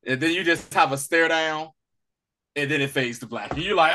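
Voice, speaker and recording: A man co-hosting a casual recap podcast, animated and laughing as he acts out scenes in quick voices. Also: a little high. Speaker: podcast co-host.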